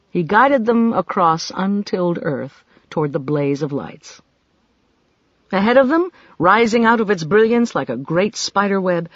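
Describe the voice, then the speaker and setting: An audiobook narrator reading a mystery novel in measured storytelling. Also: mid-range voice, slightly rough, no echo, muffled recording.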